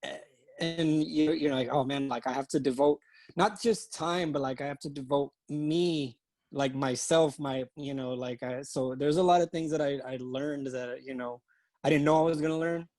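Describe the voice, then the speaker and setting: A man who is a guest on a podcast, talking reflectively in a halting way with many restarts. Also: on the high side, steady tone, a little mellow, dry recording. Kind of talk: casual interview chat.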